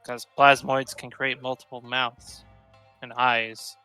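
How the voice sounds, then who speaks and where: A man's voice: medium pitch, level tone, takes it slowly, pushed and bright, smooth, soft background music. A man playing a tabletop game, speaking in character in a precise, explanatory manner. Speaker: player.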